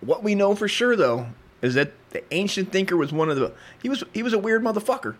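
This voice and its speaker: Man, comedy podcast host, reads and riffs crudely, voice sits a bit high. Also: very animated, fast. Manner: profane, rambling, riffing. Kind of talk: comedic history reading and riffing.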